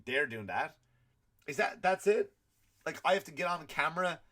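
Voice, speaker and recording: A middle-aged comedy podcast host goes on an exasperated, profane comic rant, acting out the quotes he repeats. His voice sits in the mid-range with a slightly bright quality.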